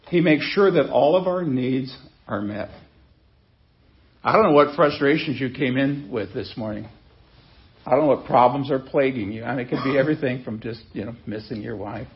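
A man's voice: mid-range voice, highs cut off. A pastor preaching a sermon to his congregation in a conversational way, asking rhetorical questions and repeating key phrases for emphasis. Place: church sanctuary.

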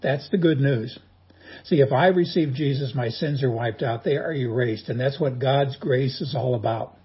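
A man's voice: mid-range voice, moderate pace, husky, muffled recording. A man preaching a sermon as a pastor, in a folksy, humorous storytelling manner.

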